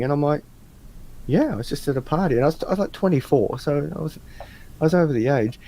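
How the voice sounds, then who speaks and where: An Australian man, probably in his thirties, casually telling a story on a livestream and acting out the quotes. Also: fast. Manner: animated storyteller, acts out quotes in a higher voice.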